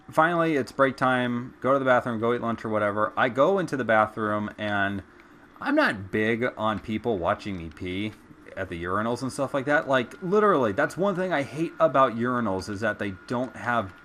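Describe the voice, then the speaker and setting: A young man talks over his gameplay in a chatty, animated way, his pitch swinging widely as he tells a story. His voice sits at an average pitch, and he swears loosely and casually. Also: moderate pace, slight background noise. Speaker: gameplay streamer. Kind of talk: casual storytelling while gaming.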